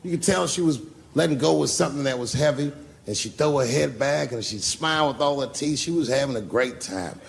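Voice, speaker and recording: Gravelly-voiced male stand-up comic. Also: medium pitch, fairly quick. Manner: profane, conversational storytelling with crowd work. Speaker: stand-up comedian. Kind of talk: stand-up comedy set. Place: comedy club stage before a live audience.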